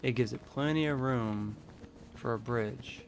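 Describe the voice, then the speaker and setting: Gravelly guy rambling on a game stream, hedging everything w probably. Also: mid-range voice, measured pace, a little hiss or hum. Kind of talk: casual live-stream chat while building.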